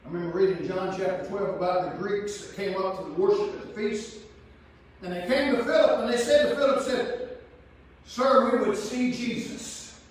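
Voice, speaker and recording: A man preaching a fervent revival sermon that repeats its phrases and builds to shouts. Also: high-pitched, steady tone, normal speed. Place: church. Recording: very echoey, far from the mic.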